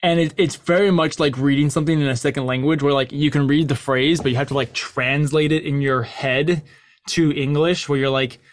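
A man's voice: on the high side, fairly even intonation, no echo. Man narrating as a tabletop game master. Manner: descriptive, unhurried, with fillers.

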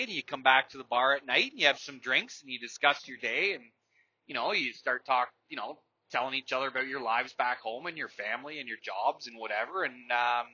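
A podcast host whose voice is on the high side with a sharp tone tells stories and rants bluntly and profanely, rambling casually. The recording is dry, slightly dull and lo-fi, with no room sound.

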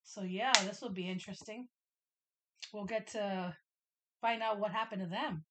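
A woman's voice: medium pitch, steady tone, normal speed, heavy background noise. A young woman hosting a podcast in playful, giggly casual chat. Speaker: podcast host.

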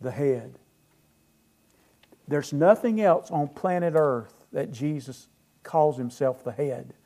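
A man with a slightly high voice preaches emphatically as pastor, asking his congregation questions and then answering them. His volume swings between phrases.

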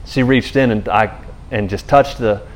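A man's voice: on the low side, moderate pace. Man preaching casually on a podcast. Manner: animated storytelling with slang and repeated restarts.

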